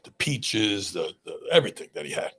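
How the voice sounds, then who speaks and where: A man's voice: fairly low pitch, very animated, a little fast, gravelly, a bit bright, slightly rough. A man in his sixties who hosts a medical podcast, telling rambling stories and laughing as he goes. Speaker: podcast host, doctor. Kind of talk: casual storytelling.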